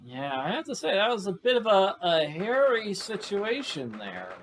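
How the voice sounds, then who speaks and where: A man's voice: high-pitched, moderate pace, slight background noise. A man giving casual, jokey commentary over a video game walkthrough. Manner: jokey, animated reactions. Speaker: let's play host.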